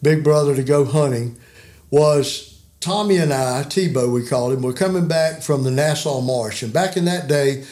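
A man's voice: a little high, normal speed, darkish tone. A man in his sixties, a guest telling folksy, rambling hunting stories with chuckles. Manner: rambling, chuckling yarn-spinner. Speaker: guest storyteller.

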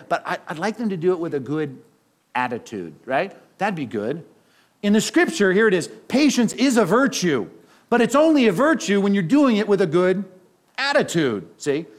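High-voiced man preaching a lively sermon. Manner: animated preaching with rhetorical questions. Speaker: pastor.

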